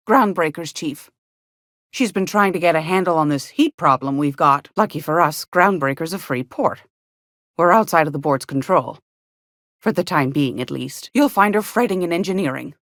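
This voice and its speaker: A syrupy older trader in a game, a folksy schemer who calls everyone sweetheart and deals in stolen secrets. Her voice sits low yet swoops all over with lively lilts, recorded close and dry in a studio. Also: no room sound. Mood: sly, gossipy. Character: folksy older woman fence, sugary and scheming. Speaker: game character, station trader. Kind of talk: video game voice lines.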